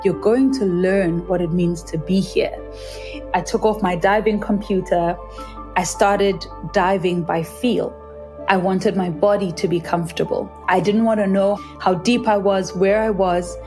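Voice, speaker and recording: A woman's voice: fairly even intonation, unhurried, dark tone, faint music behind. Earnest South African woman recounting a dive. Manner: earnest and vivid, acts out quoted voices in a higher pitch. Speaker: freediver, guest. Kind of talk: reflective interview storytelling.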